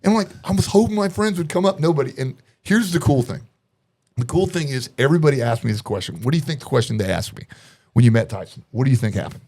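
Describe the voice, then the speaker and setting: A man's voice: medium pitch, lively intonation, quick pace, a little mellow. A man telling a long story as a podcast guest in casual chat, acting out quoted voices and laughing often.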